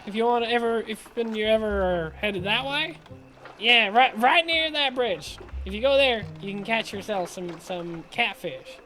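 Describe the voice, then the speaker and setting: A woman's voice: on the high side, moderate pace, fairly bright tone, faint music behind, close to an everyday voice. A woman playing an easygoing, crude young drifter looking for her father.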